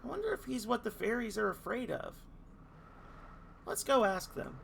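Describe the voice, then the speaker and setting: A man's voice: very high voice, big pitch swings, moderate pace, creaky, fairly bright tone, slightly rough, pitched above the performer's own voice, full character voice. A man voicing a friendly, apologetic young hero in a game.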